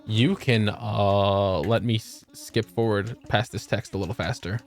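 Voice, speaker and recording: This streamer has a lowish, steady voice and speaks a little slowly. He chats casually with his viewers over a video game, joking and cursing heavily.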